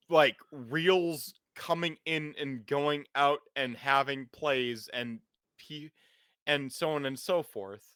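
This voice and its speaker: A man's voice: a little high, slow pace, fairly bright tone, clean tone, dry recording, clean studio sound. A man narrating as game master in a tabletop role-playing game, loose and full of "like"s. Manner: loose, filler-heavy narration with "like".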